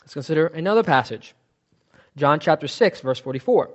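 A man's voice: fairly high pitch, expressive, fairly quick, lo-fi sound. A man teaching from the Bible in a sermon, asking questions and answering them himself, stressing key words.

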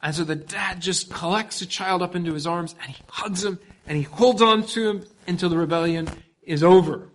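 A man preaching a sermon as pastor, emphatic, swinging from loud passages to hushed ones. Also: sits high, moderate pace.

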